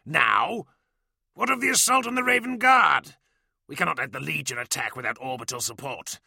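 A snarling warrior commander, as a man acts him out, his voice rising sharply and clipped with barely held fury. The tone is bright and gravelly, recorded dry for an audiobook. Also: mid-range voice, huge pitch swings, normal speed, no room sound, pitched above the performer's own voice, heavily acted. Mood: angry. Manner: snarling, barely restrained rage. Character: volatile, murderous male warrior commander.

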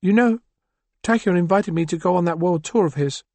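A man's voice: high-pitched, brisk, darkish tone, dry recording, voice pushed up. A man voicing a composed, calculating woman bar owner in a firm, businesslike manner, reading an audiobook. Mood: musing. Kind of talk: audiobook character voice.

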